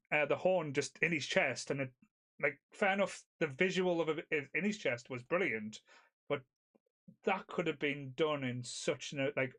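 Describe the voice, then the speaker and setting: A man's voice: fairly high pitch, fairly bright tone. A man with a Northern English accent co-hosting a film podcast, chatting casually in a rambling way with lots of fillers. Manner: rambling, filler-heavy, hesitant restarts. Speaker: podcast co-host. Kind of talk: casual film discussion chat.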